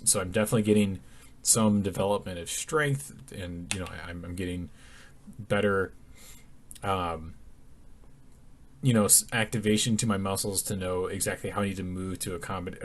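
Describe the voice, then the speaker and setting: A young man talking casually over his workout footage, sleepy and yawning, with lots of ums and restarts. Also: sits low. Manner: rambling, many ums and restarts. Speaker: fitness vlogger.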